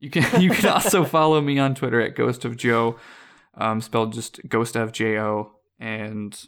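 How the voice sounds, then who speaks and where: A man's voice: mid-range voice, normal speed, smooth. A young man co-hosting a casual podcast, rambling through his thoughts with lots of fillers and frequent laughs. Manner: rambling, relaxed, laughs often, many fillers. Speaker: podcast co-host.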